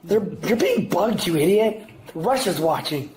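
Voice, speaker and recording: A woman's voice: mid-range voice, animated, unhurried. Belligerent swearing woman on bodycam. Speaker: woman being arrested. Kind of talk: shouting at police on bodycam. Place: police arrest scene. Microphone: police body camera. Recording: echoey far-off bodycam audio with faint noise.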